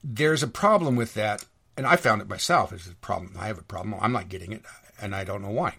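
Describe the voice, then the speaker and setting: A man's voice: on the low side, fairly quick, creaky, pushed and bright, slightly rough. Indignant rambling man ranting solo. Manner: indignant, rambling, sarcastic, with restarts and sudden rises. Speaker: podcast host. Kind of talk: ranting solo podcast monologue.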